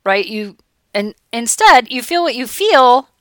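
A middle-aged woman coach giving a chatty, animated motivational talk, now and then acting out her clients' voices. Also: on the high side, unhurried, no echo, studio quality.

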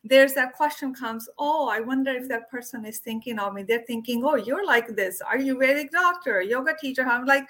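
A woman hosting a casual wellness conversation, talking expressively and quick to agree. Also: high-pitched, fairly bright tone. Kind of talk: casual spiritual wellness chat.

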